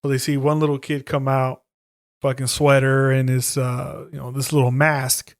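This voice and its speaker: A man's voice: little pitch movement, normal speed, no echo, studio quality. Laid-back slangy man recapping movies. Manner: laid-back, slangy, voices characters in low mutters. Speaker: podcast co-host. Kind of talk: casual profane chat.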